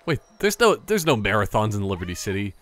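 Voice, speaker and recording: A man's voice: lowish voice, sing-song, fast, fairly bright tone, faint music behind. A young man giving casual gameplay commentary, rambling through jokey asides.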